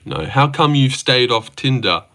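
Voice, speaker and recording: A man's voice: medium pitch, animated, unhurried, bright, forceful tone. A young Australian man casually chatting on a livestream, answering chat questions with a laid-back, jokey manner. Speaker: streamer reading chat.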